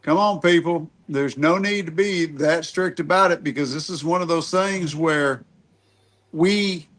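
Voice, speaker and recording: A middle-aged man with a fairly high voice hosts a relaxed podcast conversation. He talks in a folksy, meandering way and restarts his sentences as he goes. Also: unhurried. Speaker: podcast host. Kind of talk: casual podcast chat.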